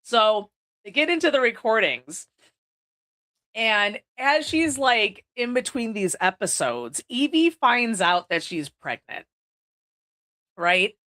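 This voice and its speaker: Slow and sing-song, a woman's slightly high voice carries a sharp edge. As a podcast host filming indoors, she gives a casual recap of a horror movie, full of swearing and constant "like"s.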